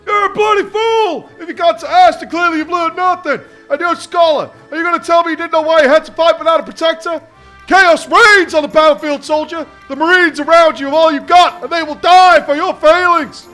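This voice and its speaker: A man's voice: very high-pitched, steady tone, brisk, sharp tone, faint music behind. A man voicing a harsh, foul-mouthed drill sergeant while reading game dialogue aloud, barking insults and orders. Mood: berating.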